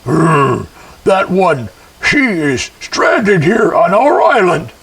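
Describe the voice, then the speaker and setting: A man voicing a strange, unseen island spirit who talks in a slow, drawn-out, booming way. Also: sing-song, vocal fry, a bit bright, breathy edge, far from the mic, exaggerated voice. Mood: eager.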